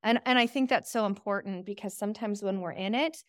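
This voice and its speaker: A woman's voice: mid-range voice, fairly quick, dry recording, clean studio sound. A woman hosting an interview, affirming and encouraging, with many casual fillers. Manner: warm, affirming, filler-heavy. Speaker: podcast host. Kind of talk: conversational interview.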